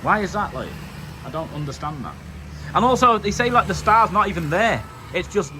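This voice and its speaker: A man's voice: a little high, pushed and bright, slight background noise. A British man from the UK, vlogging outdoors at home in a loose, chatty, rambling way. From United Kingdom. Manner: chatty, loose and conversational with many fillers. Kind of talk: casual rambling monologue to camera.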